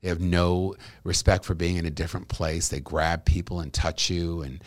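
A middle-aged man talks with a very low, deep voice, recorded close and dry with no room sound. He tells stories expressively, swinging between animated bursts and quieter asides. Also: normal speed, no room sound. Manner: animated, expressive storyteller with laughs. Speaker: actor guest. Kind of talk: casual conversation.

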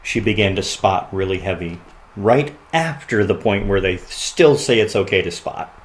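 A man sharing a personal story as a podcast guest, earnest and often quiet and halting, laughing at the lighter moments. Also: low-pitched, expressive, rough recording.

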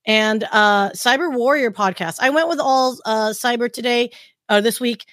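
A woman from Southern California hosting a podcast in an upbeat, chatty way, giving shout-outs. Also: fairly high pitch, moderate pace, no echo, studio quality. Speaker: podcast host. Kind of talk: casual podcast chat.

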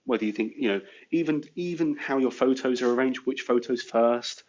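A man's voice: mid-range voice, a little fast, darkish tone. Chatty man, dull lo-fi sound. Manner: chatty, filler-heavy with lots of "you know". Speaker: guest business owner. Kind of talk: casual storytelling.

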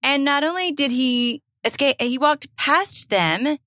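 A woman's voice: high voice, animated, measured pace, sharp tone, no echo, studio quality. A woman with a Southern US accent, co-hosting a podcast in casual chat, emphatic and impassioned, swearing freely. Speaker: podcast co-host.

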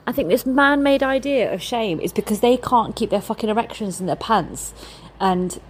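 A woman's voice: fairly high pitch, normal speed, breathy edge. A woman, talking casually to camera as she walks through city streets, chatty and blunt with plenty of swearing. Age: 40s. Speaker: travel vlogger. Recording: phone audio with traffic noise. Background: street traffic.

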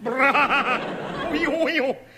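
A man doing zany 1950s radio comedy, giggling and squeaking through silly voices. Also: drawn-out words, crowd noise. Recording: noisy old radio broadcast.

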